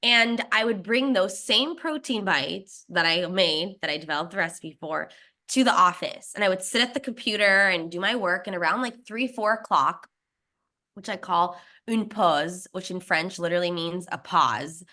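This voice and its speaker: A woman's voice: lowish voice, normal speed. A young adult woman telling her story as an interview guest, chatty and often laughing. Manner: chatty, laughs often, quotes others in lively asides. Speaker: guest, snack brand founder.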